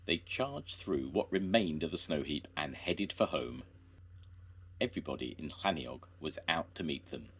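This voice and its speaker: An older man, a grandfather, reading a children's story aloud in a slow, gentle way. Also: a bass voice, expressive, husky.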